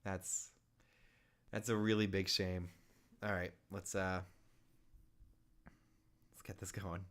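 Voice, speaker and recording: Excitable man calling a video game. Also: sits low, slow, pauses often. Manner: excitable, rises to shouts on big plays then drops to muttering. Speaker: gaming YouTuber. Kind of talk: play-by-play commentary over a video game.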